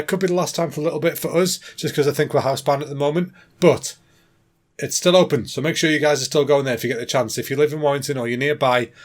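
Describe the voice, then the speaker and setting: Rambling guy hosting his comedy podcast, chatty, talks to the folks. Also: medium pitch. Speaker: podcast host. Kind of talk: casual comedy podcast monologue.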